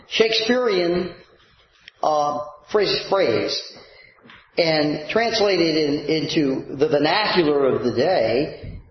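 A male pastor preaching a sermon to his congregation, animated and rising to shouts for emphasis. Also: a little high, unhurried. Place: church sanctuary. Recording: echoey church hall, dull lo-fi sound.

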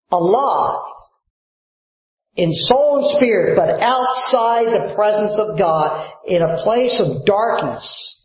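A man preaches a sermon to his congregation in a high, impassioned voice. He shifts from quiet, low passages to sudden loud peaks. The sound is roomy and slightly muffled. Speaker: pastor.

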